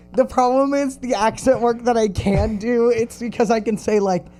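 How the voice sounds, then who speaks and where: A man's voice: very high voice, big pitch swings, slow pace, mellow. A man co-hosting a podcast in casual chat, joking and self-deprecating. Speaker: podcast co-host.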